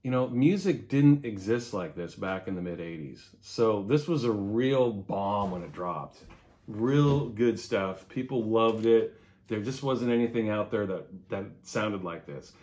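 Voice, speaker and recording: A man in his forties talks through his record collection in a loose, enthusiastic way, with a casual curse dropped in here and there. His voice sits a little low. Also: lively intonation, measured pace, a little mellow. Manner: enthusiastic, chatty, swears casually. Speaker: music vlogger.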